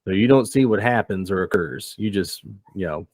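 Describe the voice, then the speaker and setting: A man runs a tabletop game as game master, narrating the scene in a relaxed, loose manner. His voice sits fairly low. The sound is dry and close, with no room around it. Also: moderate pace, no room sound. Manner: relaxed, descriptive, loose with fillers.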